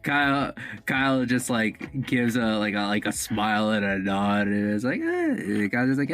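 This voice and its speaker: A man's voice: on the low side, very animated, normal speed, few pauses, a bit bright, soft background music. A man playing in a tabletop game, talking hesitantly with plenty of fillers. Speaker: player. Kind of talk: casual tabletop role-play.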